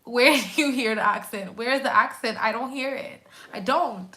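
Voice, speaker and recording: This nurse and YouTuber from Quebec speaks at a normal pace in a fairly high voice that sounds pushed and bright. During a casual live stream, she responds to viewer comments with slangy, emphatic remarks.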